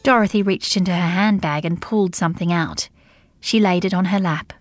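A woman reading a story aloud as an audiobook narrator, in an even, measured way. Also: fairly low pitch, soft background music. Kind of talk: scripted narration.

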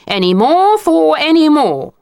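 Bossy boy gang leader, higher and brighter than the reader's own voice, as a woman puts him on. Storybook reading. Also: big pitch swings, measured pace, gravelly, no echo, studio quality, exaggerated voice. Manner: commanding, flustered when caught out.

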